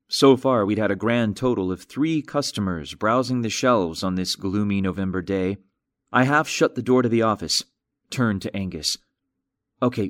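A man narrating a mystery audiobook in an even, wry, measured manner. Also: on the low side, no echo, studio quality. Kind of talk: scripted narration.

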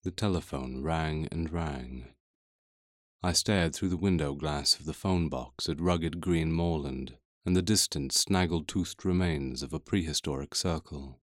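Very deep, brooding male audiobook narrator. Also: no echo, studio quality. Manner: measured, brooding and introspective. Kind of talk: scripted first-person audiobook narration.

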